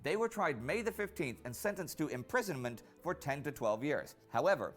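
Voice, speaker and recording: A man narrating a history documentary in a scripted, storytelling way. His voice sits fairly high and moves with a lively, expressive melody. He lifts his tone when voicing quoted lines. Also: soft background music. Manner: measured storytelling delivery, rises for quoted speech.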